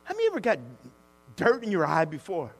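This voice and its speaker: A pastor, a man with a high voice, delivers a lively sermon that swings between quiet and shouted moments. His voice rings through a large church sanctuary with a long hall reverb and a faint mains hum underneath. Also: brisk, slightly rough. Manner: animated, swings from hushed to shouting.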